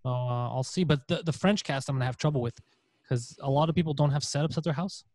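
A man's voice: mid-range voice, quick pace, darkish tone, no echo. A man in a casual podcast chat, talking in scattered bursts with casual swearing. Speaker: comedian podcast host.

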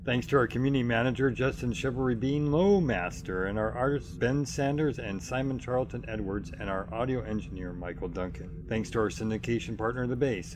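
A man hosting a podcast, reading scripted thanks and then joking with his co-hosts. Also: mid-range voice. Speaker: podcast host. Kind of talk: scripted show outro and casual banter. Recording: music bed underneath.

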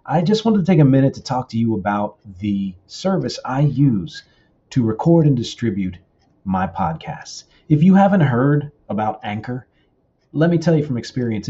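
A man reads a sponsor spot for his podcast, upbeat and promotional. His pitch moves animatedly while his tone stays mellow and dark. The recording sounds dull and lo-fi. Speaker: podcast host reading a sponsor ad. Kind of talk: read advertisement.

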